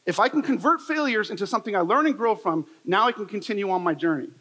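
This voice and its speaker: A man's voice: sits high, animated, fast talker, bright, forceful tone. Guy doing a motivational keynote, punchy repetitive storytelling, long hall echo. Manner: emphatic, repetitive, storytelling delivery. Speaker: motivational speaker. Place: large event hall. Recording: long reverb of a large hall.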